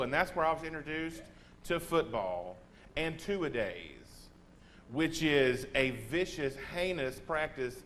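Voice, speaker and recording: A man's voice: on the high side, a little hiss or hum. Self-mocking Texan man telling stories. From Texas. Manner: lively, self-mocking, drawling delivery. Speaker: humorous speaker. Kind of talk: comic storytelling speech.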